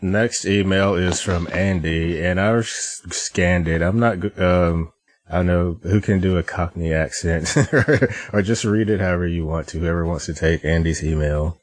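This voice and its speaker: A man co-hosting a casual podcast call, passing along a listener email in a halting way. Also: sits low, dry recording. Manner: halting, laughs often. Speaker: podcast co-host. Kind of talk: casual chat.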